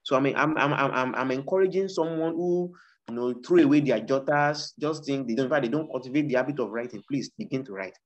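A man's voice: mid-range voice, quick pace. A man with a Nigerian accent, an author speaking about his book in an emphatic, preaching style, repeating his points to urge listeners on. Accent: Nigerian English. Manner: emphatic and repetitive, exhorting listeners. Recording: dull lo-fi recording.

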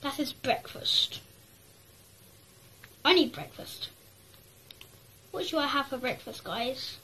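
A high, bright-toned woman chats her way through a game, rambling and excitable as she talks to herself. She speaks at an unhurried pace, with a faint hiss of noise underneath. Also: rough recording. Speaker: gaming YouTuber. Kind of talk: casual gameplay commentary.

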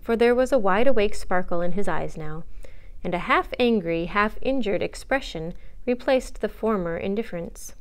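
Librarian at story time, a woman reading a chapter aloud with steady expression. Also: medium pitch, normal speed. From United States.

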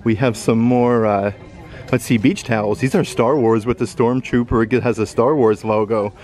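Man, vlogger, casual store walkthrough, chatty, upbeat, mid-pitched voice. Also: steady tone, moderate pace, darkish tone. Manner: chatty, upbeat, reads out prices. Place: indoor retail store.

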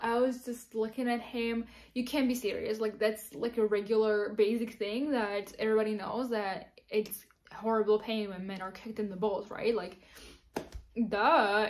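A young woman telling a personal story to camera in a chatty, giggly way, full of fillers. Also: a little high. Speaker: vlogger.

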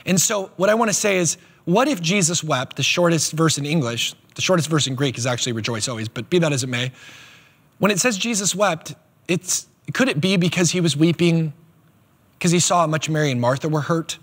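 A man preaching a sermon as pastor, animated and emphatic, with quick asides. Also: fairly high pitch, slightly rough. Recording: long hall reverb.

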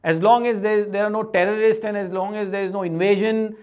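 A man with a high voice and an Indian English accent talks straight to camera in a casual, motivational style. He is middle-aged and animated, and he keeps dropping into quick, playful impressions of the people he describes. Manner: animated, breaks into playful voices of family and colleagues. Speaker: vlog host. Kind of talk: casual motivational vlog talk.

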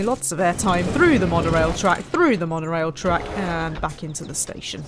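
A woman's voice: fairly low pitch, expressive, moderate pace, background noise. A woman giving casual let's-play commentary, chatting to herself and muttering frustrated asides while she builds. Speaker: game streamer.

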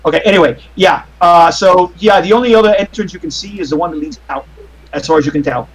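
A man's voice: high-pitched, fast talker, slightly rough, rough recording. A man running a tabletop game as game master, narrating in a meandering, hesitant way over online voice chat.

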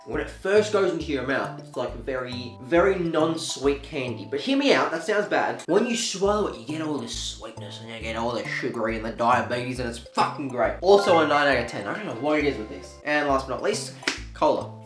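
A young man taste-testing drinks in a casual vlog, excitable and swearing freely. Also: medium pitch, fairly quick. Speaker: YouTuber. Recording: echoey room with faint music.

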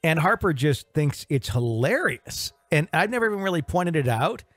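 A man's voice: on the high side, very animated, normal speed, a bit bright, no room sound. A man hosting a podcast in casual chat, joking and mimicking radio DJs. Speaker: podcast host.

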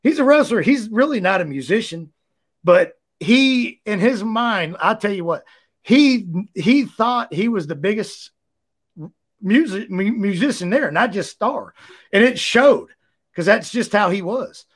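A man from Ohio, a former wrestler, telling stories as a guest in a casual, animated way, laughing often and leaning on "you know.". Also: high voice, unhurried, slightly rough. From Ohio, USA. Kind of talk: casual storytelling.

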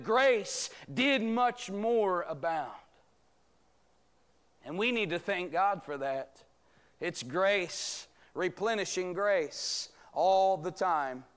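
Speaking very slowly, this pastor has a high-sitting, expressive voice that is smooth and a little bright. He leads a church Bible study with emphatic, rhetorical preaching that pulls amens from the congregation, captured in the church sanctuary.

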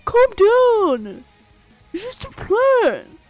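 Brief: dazed drawling stoner dude, high and swooping, as a woman mocks him. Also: huge pitch swings, drawn-out words, darkish tone, faint music behind, exaggerated voice, poor audio. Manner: mocking, slurred drawl. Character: dim-witted drawling male stoner, slow and dazed.

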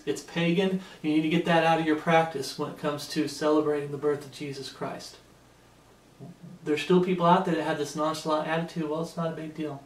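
Man, emphatic Bible teacher, sermon style, echoey room, distant mic. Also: on the high side. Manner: emphatic, repeatedly asking "Okay?".

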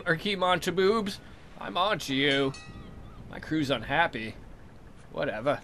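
A young man commentating his own game play casually, excitable and jokey, swearing often and talking back at the game. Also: mid-range voice, slow. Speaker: let's play host.

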